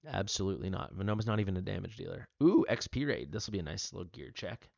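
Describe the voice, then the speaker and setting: A man with a low, gravelly voice chats loosely while he plays on stream, rambling from thought to thought with plenty of fillers. He sits close to a dry, slightly dull mic. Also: expressive, fast, a little mellow, no echo. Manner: rambling, playful, filler-heavy. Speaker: streamer playing a mobile game. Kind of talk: casual livestream chat.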